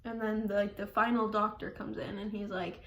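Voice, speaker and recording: A woman's voice: medium pitch, little pitch movement, moderate pace, a bit bright. A young woman vlogging at home, telling a story casually in a rambling way, full of "like" and laughing often. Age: young adult. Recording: echoey room.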